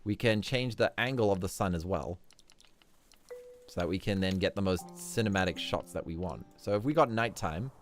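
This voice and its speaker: A man hosting a relaxed game livestream in casual commentary, upbeat and chuckling often. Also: deep voice, normal speed, soft background music. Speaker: livestream host.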